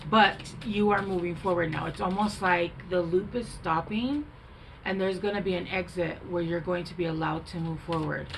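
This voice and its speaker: A woman's voice: on the low side, gravelly, a little hiss or hum, rough recording. A woman doing a casual tarot reading, chatty and rambling, thinking aloud with fillers, recorded at home on a camera mic. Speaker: tarot reader.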